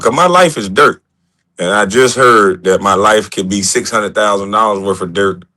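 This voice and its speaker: A man with a fairly low, bright, forceful voice hosts a casual livestream. He talks loosely, swearing a lot, joking, and laughing.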